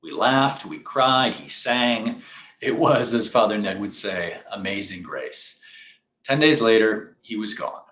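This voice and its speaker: A man narrating a personal memory in a plain, measured, heartfelt way, as the interviewer. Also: on the low side, animated, a bit bright, roomy sound, a little hiss or hum.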